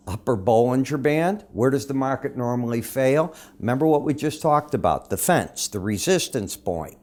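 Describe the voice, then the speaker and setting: A man's voice: medium pitch, a little mellow. A man giving daily market chart commentary, talking to viewers in a conversational way, calling them folks and asking himself questions before he answers them.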